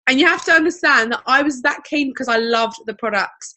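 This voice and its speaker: A woman telling her story on a video call, chatty and animated. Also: high voice, fairly quick. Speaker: guest. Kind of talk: casual video-call interview.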